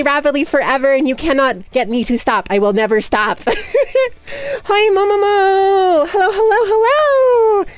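Rapid-fire, high-voiced woman streamer. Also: clean tone, no room sound. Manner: rapid, nonstop, hyperactive talker. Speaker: livestreamer. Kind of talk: casual chat with stream viewers.

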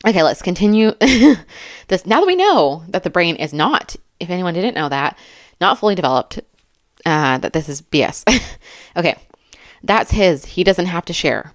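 A woman with a notably low voice talks through a reaction commentary in a chatty, animated way. She reads quotes aloud and breaks in with laughing asides. The recording is close and completely dry. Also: normal speed, no room sound. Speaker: commentary YouTuber and mother.

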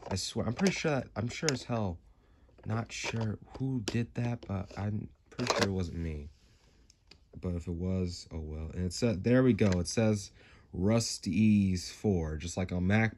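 Young guy rambling thru a toy review at home, lowish voice, jokey, gets loud then mumbly, lots of noise behind. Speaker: toy collector reviewing a toy truck. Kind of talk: casual toy review vlog. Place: home room.

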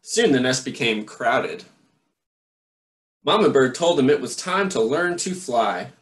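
A man reading a children's picture book aloud with expressive asides to his listeners. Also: medium pitch, a little slow, echoey room. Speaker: storytime reader.

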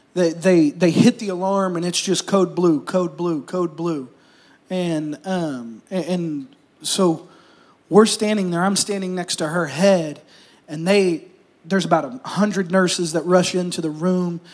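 A man preaching a sermon, telling a story with emotion and swinging between loud stretches and hushed whispers. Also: high voice. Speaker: pastor.

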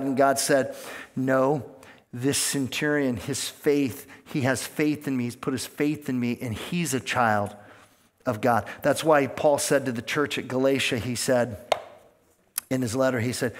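A male pastor preaching in a mid-pitched voice that climbs higher and louder when he stresses a point. He talks freely rather than from a script, with restarts and fillers, and slips into the voices of the people he quotes. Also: fairly even intonation, normal speed. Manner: earnest preaching, rising in pitch and volume on key points, acting out quoted voices; plain delivery with fillers and restarts, not scripted. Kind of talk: sermon.

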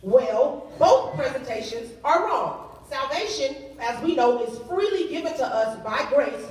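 A woman preaching a sermon, leading the congregation in call and response with lively humor. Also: high-pitched, unhurried. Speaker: youth day speaker. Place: church sanctuary. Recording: echoey hall, voice from far off.

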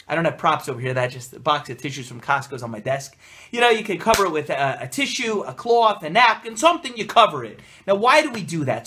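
A young man, a rabbi, delivers a short Torah talk from his desk in a notably high, bright voice. He is animated and emphatic throughout, leaning on Hebrew and Yiddish terms as he explains. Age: young adult. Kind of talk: energetic Torah talk to camera.

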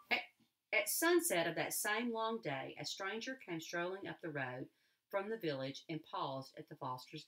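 A woman teacher reading a novel aloud to her class in an expressive storytelling manner. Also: on the low side. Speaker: elementary school teacher.

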